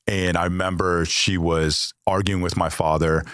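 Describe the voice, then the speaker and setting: A man's voice: low voice, little pitch movement, moderate pace, fairly bright tone, dry recording, clean studio sound. An American man, a podcast guest, candidly telling a personal story with blunt, frequently profane language. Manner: blunt, heavy swearing.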